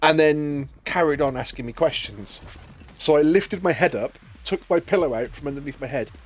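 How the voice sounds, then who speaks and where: A man's voice: on the high side, normal speed. A British man streaming a game, telling stories in casual chat and acting out the voices of people he quotes. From Britain. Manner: chatty storyteller, acts out quoted voices with laughs. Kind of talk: casual chat while gaming.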